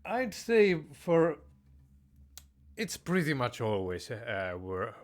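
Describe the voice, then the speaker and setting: A man talks slowly through a text strategy game, reading events aloud and commenting on them. His pitch moves a lot, and his speech is full of fillers, restarts and tongue-in-cheek royal verdicts. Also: huge pitch swings. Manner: hesitant, full of fillers and restarts, mock-tyrannical jokes. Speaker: game player.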